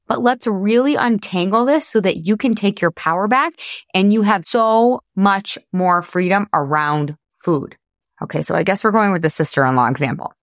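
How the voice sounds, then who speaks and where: A woman's voice: medium pitch, no room sound, clean studio sound. A woman hosting a podcast, coaching listeners in a candid, chatty way, swearing casually and laughing often. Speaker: podcast host.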